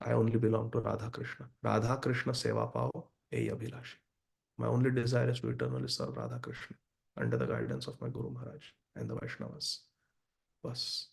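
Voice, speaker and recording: A man's voice: fairly low pitch, lively intonation, fairly quick, vocal fry, slightly rough. A man giving a devotional scripture class, speaking earnestly and addressing listeners directly.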